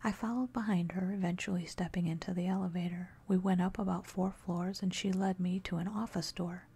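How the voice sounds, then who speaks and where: Woman storyteller, low-pitched, gravelly whisper, scary story narration. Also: brisk. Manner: soft steady whisper.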